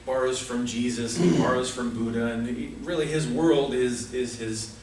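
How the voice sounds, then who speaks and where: With a medium-pitched, darkish voice and fairly even intonation at normal speed, a man tells a story full of comic asides in a prepared humorous speech at a speaking club. It's recorded from afar in an echoey meeting room with a little hiss or hum.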